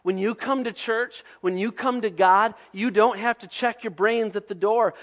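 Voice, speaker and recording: A male pastor giving a sermon in a conversational preaching manner, sometimes dropping to hushed tones. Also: high-pitched, in a large hall.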